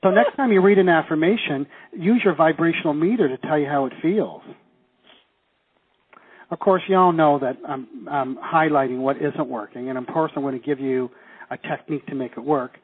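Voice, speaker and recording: Seminar teacher, man from Canada, middle-aged; lively and quizzing, husky tone, phone-thin sound. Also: fairly high pitch, moderate pace. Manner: lively, asks the class questions, acts out quoted reactions. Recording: tinny phone-like audio.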